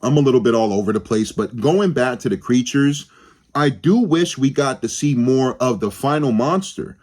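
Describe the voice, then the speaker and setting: Young guy reviewing a movie, loose and rambly, cusses a lot, regular pitch. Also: expressive, moderate pace, darkish tone. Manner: rambling, profane, restarts often. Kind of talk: casual spoken film review.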